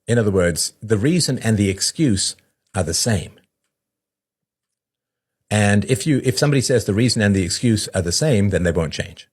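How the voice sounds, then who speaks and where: A low-voiced man talks through an idea in a long conversational monologue, the way a podcast host would. He keeps checking in with "right?" and briefly acts out the voices of the people he quotes. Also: lively intonation, moderate pace, long pauses, slightly rough. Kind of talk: explanatory monologue.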